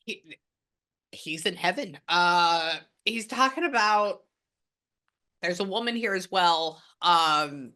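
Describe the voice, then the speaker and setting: Chatty woman medium, bright forceful voice, loose and rambling, swears casually. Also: on the low side, animated, takes it slowly. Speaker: psychic medium. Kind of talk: casual spirit reading session.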